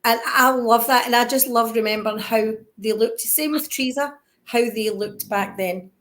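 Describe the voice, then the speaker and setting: Woman co-host, gossipy casual chat, voice a touch high. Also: normal speed, fairly bright tone.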